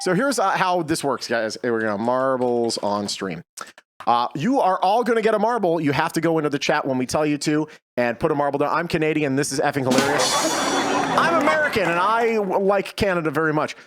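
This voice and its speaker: Lively man hosting a stream. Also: a little high, brisk, a little hiss or hum. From Boston. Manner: rambling, many fillers, laughs often. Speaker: host. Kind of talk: casual live-stream chat.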